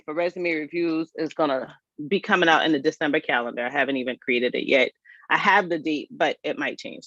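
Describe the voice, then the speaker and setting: A woman's voice: low voice, a bit bright, no room sound, dull audio. A woman, hosting a live resume review in a casual, folksy, chatty way and talking straight to her viewers. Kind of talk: casual livestream chat.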